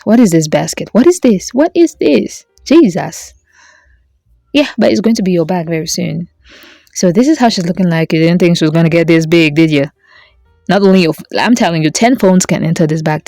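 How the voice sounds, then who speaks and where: A woman's voice: lowish voice, mellow, no echo, clean studio sound. A woman hosting a beading tutorial, chatty and playful, talking straight to her viewers as she works. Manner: playful, talks straight to viewers, jokes and self-corrects.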